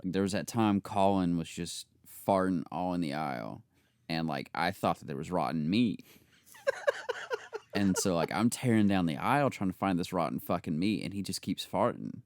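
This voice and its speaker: A young man with a low, expressive voice speaks at normal speed with a clean tone. Co-hosting a podcast, he tells crude stories from work in casual conversation, swearing freely, acting out the people involved and bursting into loud, laughing impressions.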